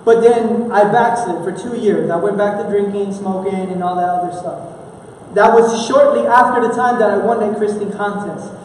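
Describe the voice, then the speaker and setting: His voice sits high and moves at an everyday pace as this Houston, Texas pastor gives a heartfelt, conversational sermon, regularly breaking off and restarting sentences. A little hiss or hum comes through, with the mic placed far away in an echoing church hall.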